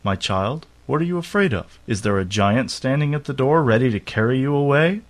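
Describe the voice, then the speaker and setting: A man's voice: medium pitch, expressive, fairly quick, pitched above the performer's own voice, close to an everyday voice. Man reading as a stern fatherly king. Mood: firm. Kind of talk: storybook reading.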